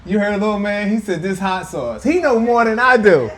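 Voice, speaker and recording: A man's voice: high voice, brisk. A man hosting a casual food vlog, playful and teasing as he talks to viewers at home. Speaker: food vlogger. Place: indoors at home.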